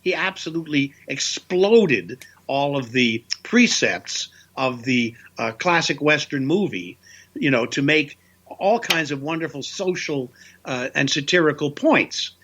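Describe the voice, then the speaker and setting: An older man, a voice actor guest, telling lively anecdotes in an interview with playful voice bits. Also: fairly high pitch, a little slow, a little hiss or hum.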